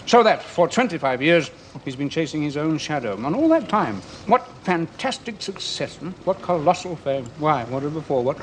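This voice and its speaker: A man's voice: fairly high pitch, big pitch swings, moderate pace. An actor playing a bitter, envious middle-aged man who mocks others with theatrical scorn, in a 1970s television play. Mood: sardonic. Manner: sardonic, mocking, theatrical. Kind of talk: 1970s television drama acting. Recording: old television sound with faint hiss.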